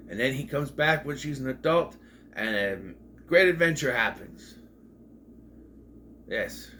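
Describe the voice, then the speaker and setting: A man talking through a TV episode in a loose, rambling way, full of jokey asides. His pitch sits in an ordinary middle range. A faint hiss of background noise runs under the recording. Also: lively intonation, unhurried, pushed and bright. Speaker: video reviewer. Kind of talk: casual retrospective commentary.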